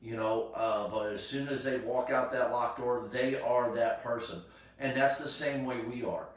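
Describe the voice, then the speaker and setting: A man's voice: mid-range voice, normal speed. Rambling man in an echoey room. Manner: rambling, many fillers and restarts. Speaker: charity cosplay event host. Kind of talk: casual live-stream chat. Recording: echoey room, distant mic.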